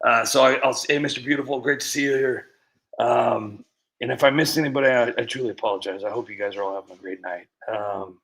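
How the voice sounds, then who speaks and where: A man's voice: mid-range voice, normal speed, sharp tone, poor audio. A man hosting a casual livestream, rambling and joking as he reads out viewers' names, laughing often and a bit tipsy. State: tipsy from wine. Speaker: livestream host.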